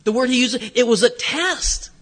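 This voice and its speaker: A man's voice: very high voice, normal speed, a bit bright. A man preaching a sermon in a conversational way, full of jokey asides and frequent "you know"s. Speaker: pastor. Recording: reverberant hall.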